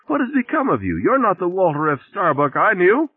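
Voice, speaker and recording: A man voicing a crazed old bag lady with a loud, piercing voice, heard through a tinny, dry recording. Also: high voice, huge pitch swings, brisk, breathy edge, no echo, pitched above the performer's own voice, full character voice. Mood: keening. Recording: tinny lo-fi audiobook sound.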